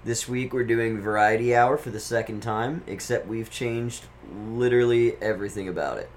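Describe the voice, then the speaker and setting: A man's voice: on the low side, normal speed, slight background noise. Laid-back self-deprecating podcast co-host man. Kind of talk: casual chat.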